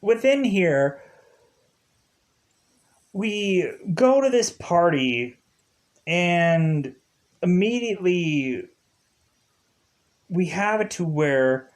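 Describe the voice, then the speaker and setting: A man's voice: high-pitched, lively intonation, drawn-out words, long pauses. Rambling man recapping a TV show. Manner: rambling, repeats filler words, chuckles. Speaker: TV show reviewer. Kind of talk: casual commentary.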